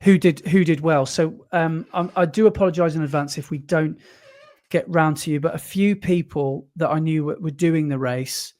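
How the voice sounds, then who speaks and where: Chatty British man, fairly high voice. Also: moderate pace, darkish tone. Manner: chatty, enthusiastic, many fillers and restarts. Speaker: podcast co-host. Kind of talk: casual chat.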